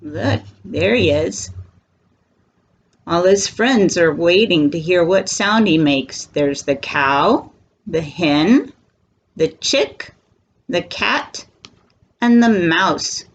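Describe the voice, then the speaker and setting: A woman reads a picture book aloud to toddlers, taking it very slowly. Her voice swoops up and down in a sing-song way, with a little gravelly fry at the ends of phrases. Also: fairly low pitch, dull audio, a little hiss or hum. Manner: slow, sing-song and animated for small children. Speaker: children's storyteller.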